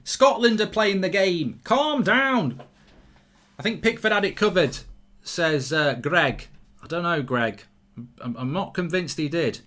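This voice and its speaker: Excitable man reacting to football. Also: sits high, unhurried. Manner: excitable, shouts at the match, reads chat aloud. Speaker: football watchalong host. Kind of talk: live football reaction stream.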